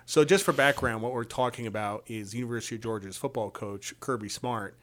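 A man's voice: mid-range voice, fairly quick, a bit bright. A man co-hosting a casual chat, blunt and sardonic, steering through a list of topics.

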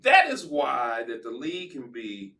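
A man's voice: mid-range voice, wildly swooping pitch, measured pace, pushed and bright. Reflective man, voice set back from the mic. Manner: affirming, reflective, restarts his sentences. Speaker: guest, former pro football player. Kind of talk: casual conversational interview. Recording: voice sounds distant from the mic.

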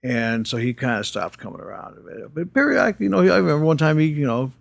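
A man's voice: a little high, sing-song, fast talker, vocal fry. Rambling older man telling stories. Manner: rambling, full of you-knows and restarts, laughs often. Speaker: interview guest. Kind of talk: casual storytelling.

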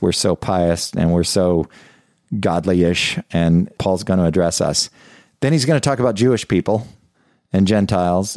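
A man's voice: low-pitched, dark tone, dry recording, studio quality. A middle-aged male pastor preaching a sermon in an earnest, confessional way, often repeating and restarting phrases.

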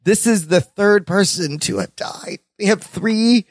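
Brief: male podcast host with a slightly high voice, eager and rambling, recorded dry. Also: unhurried, creaky, no echo. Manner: talkative, enthusiastic, many restarts. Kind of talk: casual chat.

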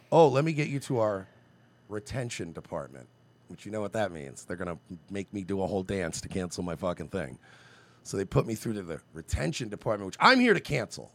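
A man's voice: on the low side, lively intonation, brisk. A man co-hosting a podcast, telling a story with a lot of swearing and acting out the other voices. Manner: profane, ranting, acts out voices in his stories. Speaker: podcast co-host. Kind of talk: casual chat, animated storytelling.

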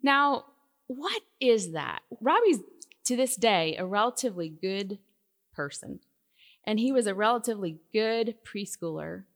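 A middle-aged woman giving a faith talk to a live audience, telling stories with loud emphatic bursts that drop to hushed asides. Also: measured pace. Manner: lively storytelling, swinging from loud emphatic bursts to hushed lows. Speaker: Christian speaker. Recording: long hall reverb.

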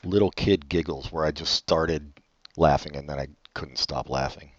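A man co-hosting a casual podcast chat, sarcastic and teasing, often trailing off quietly. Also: a bass voice, fairly even intonation, normal speed, no echo. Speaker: podcast co-host. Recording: dull lo-fi audio.

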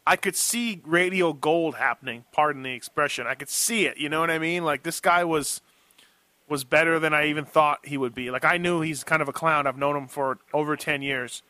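A man's voice: a little high, fairly quick, bright, forceful tone, dry recording. A man co-hosting a casual show, chatty, laughing often and repeating his words as he talks. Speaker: podcast co-host. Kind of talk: casual chat.

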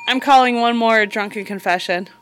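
A woman's voice: on the high side, normal speed, a little hiss or hum. A woman hosting a podcast, chatting casually, laughing often and passing on gossip.

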